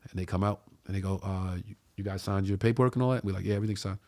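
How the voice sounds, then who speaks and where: A man's voice: sits low, very fast. A man telling a long story on a casual talk show, acting out what others said and swearing freely. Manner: animated storyteller, acts out quoted voices, swears freely. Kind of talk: casual storytelling among friends.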